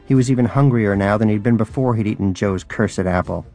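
A man's voice: lowish voice, a little fast, darkish tone, faint music behind. A man reading a story aloud with a dry, wry storytelling manner. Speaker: narrator. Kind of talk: audiobook narration.

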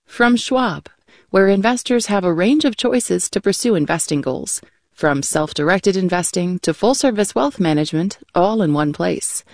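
A woman announcer reading network sponsor credits in a smooth scripted way. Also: on the low side, lively intonation, normal speed, darkish tone, dry recording, clean studio sound.

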